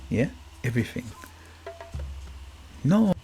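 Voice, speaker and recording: A man's voice: medium pitch, moderate pace, creaky, a little mellow. A middle-aged man from Guyana with a Guyanese Caribbean accent, hosting a reflective motivational podcast monologue, musing, repeating words and checking in with "you get me?". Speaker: podcast host. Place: England.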